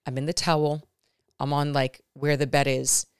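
A woman in her thirties hosting a podcast, retelling a frightening experience in an animated, emphatic way, often turning to her listeners. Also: low-pitched, moderate pace, clean tone, no room sound, studio quality. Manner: animated, emphatic retelling with many restarts, addressing listeners directly. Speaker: podcast host. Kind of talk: storytelling monologue to viewers.

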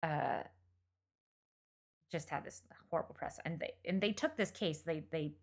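A woman's voice: low-pitched, a little slow, breathy edge. A woman co-hosting a podcast, telling a true crime story in a chatty, blunt way with lots of fillers. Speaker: podcast co-host.

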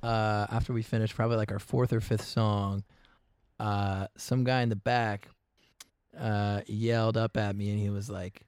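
A relaxed man talking as a musician guest in a casual interview. His voice sits a little low, and he tells stories with plenty of fillers, restarts and quick laughs. The sound is close and dry. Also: smooth, dry recording. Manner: easygoing, laughs often, many fillers and restarts.

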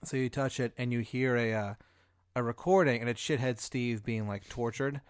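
A male podcast host telling an improvised comedic story in a rambling, deadpan way. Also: medium pitch, moderate pace, smooth, no room sound. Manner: rambling, deadpan, with filler words.

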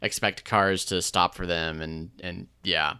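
Bright, clear-voiced man recapping casually. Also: low voice, steady tone, unhurried. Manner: laid-back, many fillers and restarts, laughs often. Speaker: podcast co-host. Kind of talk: casual chat recapping a show.

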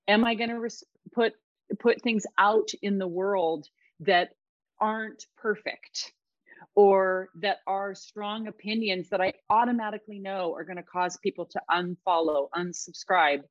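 A woman's voice: medium pitch, steady tone, unhurried, dry recording, muffled recording. A middle-aged woman speaking emphatically and reflectively in a casual podcast conversation, often repeating her words.

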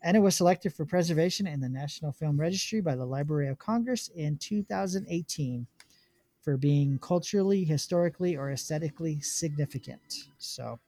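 Guy hosting a chill podcast, kinda high voice, reads his notes with lots of ums, super dry sound. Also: a little mellow, no room sound. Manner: reads notes aloud with many ums and restarts. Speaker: podcast host. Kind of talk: casual podcast chat.

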